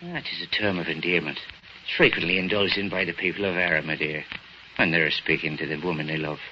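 An actor playing a charming, teasing Irish steelworker with an Irish accent, in 1940s radio acting. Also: male voice, sits low, fairly quick, natural voice. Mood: flirting. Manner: teasing, flirtatious brogue. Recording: muffled old radio recording, faint hiss.

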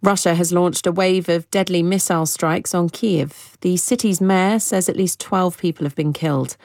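A woman reading a scripted news bulletin in a measured, even way. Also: fairly low pitch, no room sound. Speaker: newsreader.

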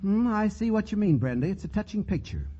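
A man hosting a 1940s radio comedy theater in a genial, chatty showman manner, with a husky voice on a dull old broadcast recording. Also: high-pitched, big pitch swings, a little fast, warm tone. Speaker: host.

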